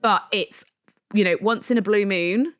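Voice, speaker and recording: A woman's voice: medium pitch, measured pace. Easygoing woman co-host. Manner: easygoing, reads listener questions aloud. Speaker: podcast co-host. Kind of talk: casual chat.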